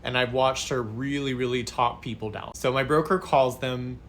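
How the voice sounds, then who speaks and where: Brief: storytime vlogger, man, animated retelling, bright forceful tone, faint hum behind. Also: mid-range voice, normal speed. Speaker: psychotherapist telling a story. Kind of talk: casual storytime vlog.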